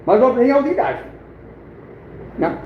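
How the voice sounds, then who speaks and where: Male livestream host, high voice, boastful rambling chatter with frequent chuckles, recorded in a roomy space over faint background noise. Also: big pitch swings, moderate pace, narrow, tinny audio. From United States. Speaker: outdoors channel host, livestreaming. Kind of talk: casual livestream chat.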